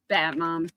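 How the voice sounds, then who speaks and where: A woman's voice: sits high, a little mellow, no echo. A woman with a New Jersey accent giving a live oracle card reading. She chats directly to viewers and often calls them by name.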